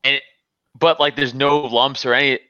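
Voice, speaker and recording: Man, rambling storyteller, bright voice, dry sound. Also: mid-range voice, flat delivery, moderate pace, no echo, highs cut off. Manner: rambling storyteller, many restarts and "like". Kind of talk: casual banter.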